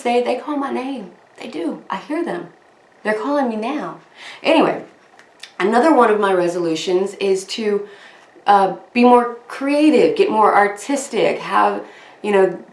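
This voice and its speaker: A woman chatting casually to camera as host of her crafting channel, rambling and poking fun at herself. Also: mid-range voice. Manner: chatty, rambling, self-deprecating. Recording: echoey room.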